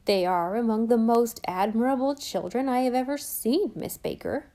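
A woman's voice: a little high, normal speed, warm tone, close to an everyday voice. A woman voicing a blunt, sympathetic woman visitor in an audiobook, speaking forthrightly. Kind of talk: audiobook character voice.

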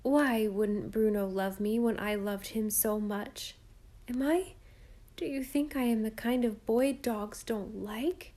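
A woman's voice: mid-range voice, darkish tone, close to an everyday voice. A woman voicing a stern, heartbroken boy. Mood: grieving. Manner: stern, choked, slow and heavy. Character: proud, heartbroken boy who loves dogs.

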